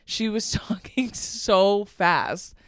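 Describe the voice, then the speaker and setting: Animated young woman telling stories. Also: mid-range voice, drawn-out words, no echo, studio quality. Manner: animated storyteller, laughs often, swears. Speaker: podcast co-host. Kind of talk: casual chat.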